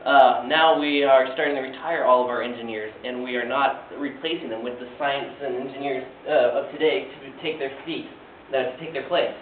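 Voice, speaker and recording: A man's voice: medium pitch, fairly even intonation, normal speed, few pauses, slight background noise. A young man giving an earnest class presentation with frequent filler sounds, recorded from far off in a classroom. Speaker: student giving a class speech. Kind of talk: presentation speech. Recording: distant tinny echoey classroom recording.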